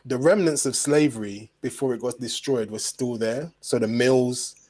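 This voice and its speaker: A man from Montserrat hosts a podcast and talks in a relaxed, reflective way. His voice sits at an ordinary pitch for a man. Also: normal speed. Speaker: podcast host. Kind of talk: casual podcast chat.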